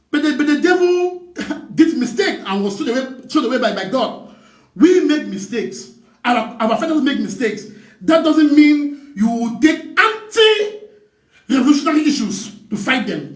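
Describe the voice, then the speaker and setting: A man with a Cameroonian English accent mixing in Pidgin, giving an impassioned political address that is fiery and repetitive and often shouts. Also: extremely high pitch, recorded from a distance. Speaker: activist speaker. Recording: echoey, from the mic.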